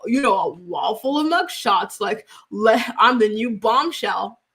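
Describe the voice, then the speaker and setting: A woman's voice: a little high, lively intonation, measured pace, fairly bright tone. A woman mocking a brash reality-TV woman who brags about her wild past. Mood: boastful. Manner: cocky, showing off.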